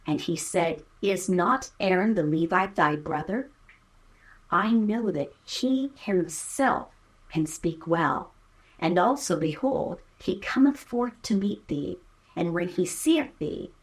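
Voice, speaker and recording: Woman host reading scripture, lowish husky voice, calm and measured teaching. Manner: measured, reads scripture aloud. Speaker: podcast host and Bible teacher.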